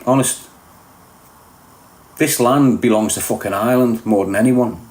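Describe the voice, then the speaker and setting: A man's voice: mid-range voice, measured pace, darkish tone, echoey room, low-quality recording. A man with a Liverpool Scouse accent talking bluntly and emphatically in a casual podcast chat, swearing often. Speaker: podcast guest.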